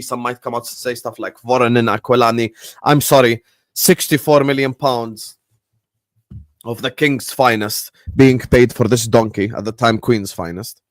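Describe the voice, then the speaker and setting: A young man hosting a football show, ranting to a live chat in an exaggerated, repetitive, mock-pleading way with loud outbursts. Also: medium pitch, no echo, clean studio sound. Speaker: football channel host. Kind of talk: animated solo football rant to a live chat.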